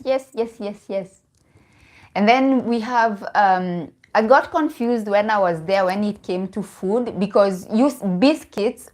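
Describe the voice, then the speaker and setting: A young woman with a Kenyan accent chatting casually on a live stream, laughing often and restarting her phrases. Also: on the high side. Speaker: vlogger.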